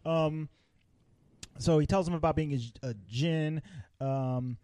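A man's voice: on the high side, measured pace, mellow, smooth, no echo, studio quality. A man co-hosting a casual movie podcast, recapping the plot with frequent laughs and fillers. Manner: rambling recap, laughs often, many fillers. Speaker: podcast co-host.

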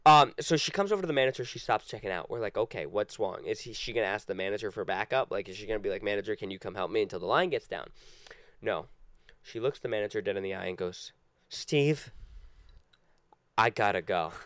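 A man's voice: lowish voice, fast talker, no echo. A man co-hosting a podcast, telling an anecdote in casual chat and quoting the people in it. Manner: steady anecdote telling with quoted dialogue. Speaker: podcast co-host.

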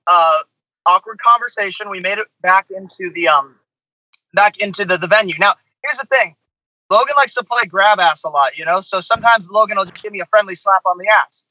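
A man and touring musician, a guest on a podcast, telling a story in an animated way with plenty of asides. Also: high-pitched, no echo, muffled recording. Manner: animated, tells stories with lots of asides.

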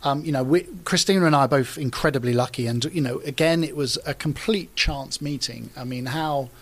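A man's voice: mid-range voice, a little fast. A man in his thirties, a TV presenter chatting as an interview guest and telling anecdotes with plenty of fillers. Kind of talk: casual interview storytelling.

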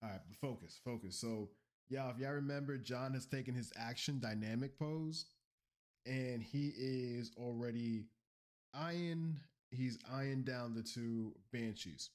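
A man's voice: medium pitch, takes it slowly. Man animatedly recapping a story. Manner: energetic, rambling storytelling with slang. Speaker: podcast co-host. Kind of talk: casual lore recap chat.

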